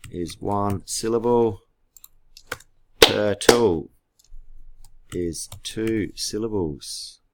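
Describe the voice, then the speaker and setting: A man's voice: on the low side, creaky, noisy background. A man teaching a class through a screen-recorded tutorial, patient and spelling words out letter by letter, with keyboard clicks behind him.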